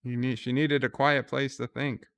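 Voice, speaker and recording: A man's voice: mid-range voice, flat delivery, moderate pace, a bit bright, clear, resonant tone. A man hosting a live reaction commentary, casually retelling scenes with fillers and restarts. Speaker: channel host recapping an episode.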